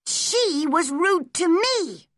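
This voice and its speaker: Woman doing a fiery red-haired orphan girl, shrill and high, swings all over, storybook reading. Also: very animated, drawn-out words, fairly bright tone, dry recording, studio quality, full character voice. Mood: indignant.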